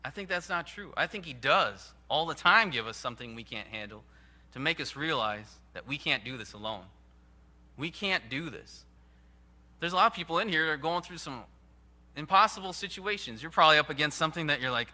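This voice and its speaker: Bright-voiced man preaching with emphasis. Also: fairly high pitch, animated, a little fast. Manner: earnest, emphatic preaching with sudden rises and hushed drops. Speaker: pastor. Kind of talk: sermon.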